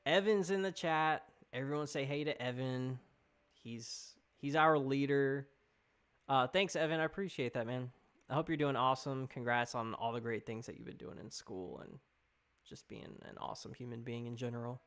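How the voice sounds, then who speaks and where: A man's voice: mid-range voice, moderate pace, a bit bright, clean tone. A young man chatting on a live stream, rambling casually and reading out comments from chat.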